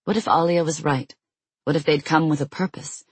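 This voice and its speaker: Husky, dry audiobook narrator. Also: medium pitch, no echo, poor audio. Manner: steady, measured storytelling. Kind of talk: scripted fantasy audiobook narration.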